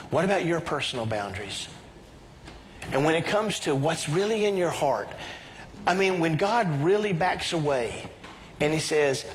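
Middle-aged pastor preaching in a reverberant hall. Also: male voice, on the high side, a little hiss or hum. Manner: leads the congregation in call-and-response, rising to excited exclamations. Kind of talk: sermon. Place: church sanctuary. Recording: reverberant church hall with faint ambience.

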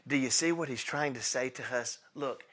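A man preaching a sermon in a casual, conversational way, swinging between loud bursts and hushed asides as he tells the story. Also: mid-range voice, normal speed. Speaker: pastor.

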